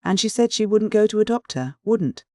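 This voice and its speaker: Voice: mid-range voice, lively intonation, normal speed, dark tone, dry recording, studio quality, voice pushed up, close to an everyday voice. A reader voicing an anxious, tearful middle-aged mother in an audiobook, plaintive in tone. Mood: distressed. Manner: plaintive, sobbing.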